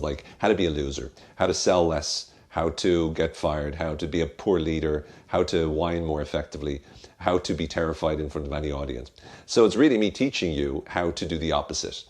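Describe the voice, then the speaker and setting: Male podcast host, very low voice, candid and chatty, loose with fillers. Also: darkish tone. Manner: candid, chatty, with frequent fillers and some swearing. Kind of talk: casual solo podcast talk.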